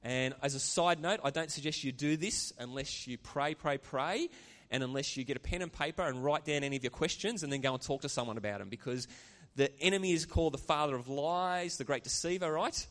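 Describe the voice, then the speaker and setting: A man's voice: a little high, fairly quick, few pauses, a bit bright, in a large hall. A man preaching a sermon as pastor, earnest and conversational, with chatty asides to the congregation. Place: church.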